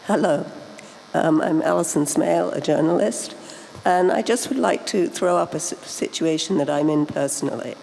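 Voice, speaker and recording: A journalist speaks up from the audience, her voice gravelly with a touch of fry. She talks in an earnest, measured way, and the long reverb of a large hall trails after her words under a faint hum. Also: deep voice, darkish tone. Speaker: journalist asking a question. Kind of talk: audience question at a panel. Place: conference hall. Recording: echoey hall with faint background noise.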